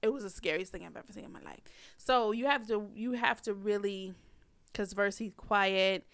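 A woman's voice: medium pitch, normal speed, fairly bright tone. A woman, chatting casually and teasingly, laughing and acting out quotes. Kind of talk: casual couple chat.

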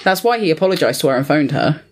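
A woman co-hosting a podcast, chatting casually about a film in a lively, argumentative way, swearing and laughing. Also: low voice, fast. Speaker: podcast co-host. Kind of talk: casual film review chat.

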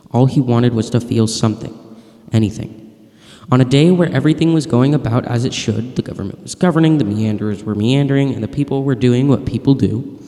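A man reading a dark short story aloud with measured, dramatic pacing. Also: medium pitch. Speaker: narrator. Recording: long reverb.

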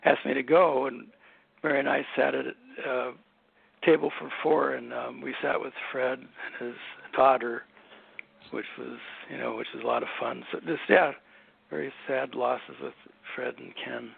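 Gravelly older man telling showbiz stories. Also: medium pitch, moderate pace, no echo. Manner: relaxed anecdotal, many ums and you-knows. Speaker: sitcom writer and producer, guest. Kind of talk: casual interview storytelling. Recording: phone-like narrow audio.

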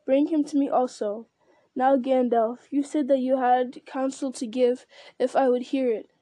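A woman's voice: sits high, fairly even intonation, moderate pace, dark tone, dry recording, lightly acted. A woman voicing an old king in a storybook reading, stern and lamenting in turn. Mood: commanding. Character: aged male king, weary then roused.

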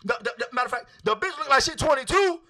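Podcast host, male, very high, lively pitch; profane, rambling monologue. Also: fast. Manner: profane, rambling, animated storytelling. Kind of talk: casual monologue.

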